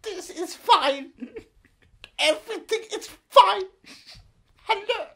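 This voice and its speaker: A man doing a comic impression of an airy, whimsical Icelandic woman singer, high and sing-song. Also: expressive, takes it slowly, gravelly, fairly bright tone, exaggerated voice. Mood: dreamy.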